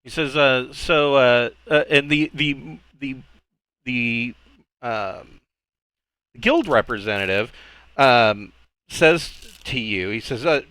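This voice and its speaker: A man narrates a tabletop game as its game master. His voice is bright and clean, caught close and dry with no room sound. He stops often on fillers and restarts his sentences. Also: medium pitch, lively intonation, no echo. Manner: halting, many fillers and restarts.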